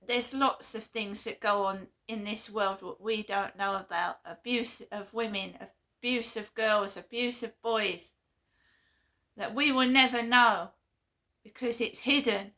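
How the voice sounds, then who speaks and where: Woman vlogger, fairly high and bright, earnest and insistent. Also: a little slow. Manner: blunt, earnest, repeats herself. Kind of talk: impassioned monologue.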